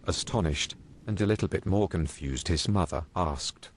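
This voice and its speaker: Deep-voiced man telling crude jokes. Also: normal speed. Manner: crude, deadpan storytelling with rhetorical questions. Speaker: joke narrator. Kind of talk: scripted joke storytelling. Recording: noisy background hiss.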